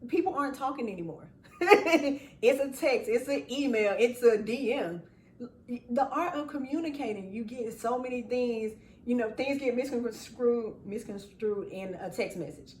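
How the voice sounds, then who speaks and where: A woman host chats casually and animatedly, laughing often and acting out what other people said. Her voice is fairly high at a moderate pace, recorded far from the mic in an echoey room.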